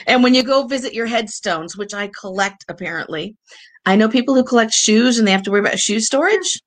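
A woman's voice: fairly high pitch, animated, moderate pace, pauses often. A woman co-hosting a grief podcast in casual chat, frank with a wry humor. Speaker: podcast co-host, grief counselor.

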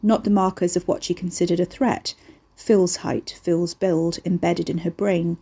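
A woman narrating a novel chapter as an audiobook, in a steady, measured way. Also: lowish voice, creaky, husky.

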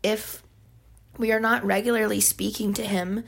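A woman with a husky, slightly gravelly voice co-hosts a relaxed faith conversation. She explains her points expressively and leans on everyday examples. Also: medium pitch, normal speed. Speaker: podcast co-host. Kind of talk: casual faith chat.

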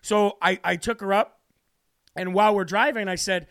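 A man's voice: high-pitched, fairly even intonation, normal speed, fairly bright tone. A man hosting a political talk show, speaking brashly and preachily, then telling a story from his morning. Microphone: studio mic.

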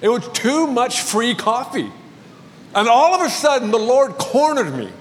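Male pastor with a high voice, joking his way through a sermon story in a big echoing church. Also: very animated, a little slow, slight background noise. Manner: storytelling with light humor. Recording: long reverb of a large hall.

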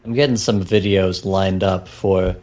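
Low-voiced man with wry jokes. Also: fairly even intonation, a little slow, darkish tone. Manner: wry, joking commentary. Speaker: podcast co-host. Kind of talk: casual chat.

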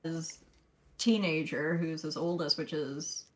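A woman's voice: deep voice, fairly even intonation, low-quality recording. A woman hosting a casual podcast, teasing and playful in her talk. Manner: teasing, playful and quick to laugh.

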